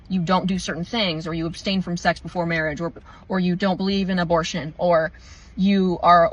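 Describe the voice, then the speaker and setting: Husky, fired-up woman preaching mindfulness. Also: on the low side, dull audio. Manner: heated, profane, preachy, with drawn-out emphatic pauses. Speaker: spiritual content creator. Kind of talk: impassioned spiritual monologue.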